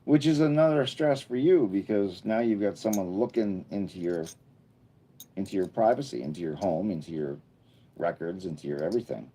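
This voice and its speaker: A middle-aged man hosts a laid-back livestream and talks straight to his few viewers. His voice sits a bit low, and he rambles through stories with plenty of restarts. He turns earnest and encouraging when he gives advice. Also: moderate pace, warm tone, husky. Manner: rambling storytelling with frequent restarts. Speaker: livestream host. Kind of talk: casual livestream chat with viewers.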